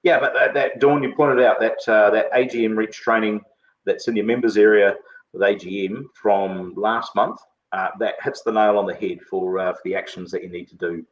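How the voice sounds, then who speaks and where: Male webinar host, low voice, loose rambling delivery, muffled lo-fi stream audio. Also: steady tone, moderate pace. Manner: rambling, many filler words. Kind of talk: casual webinar chat.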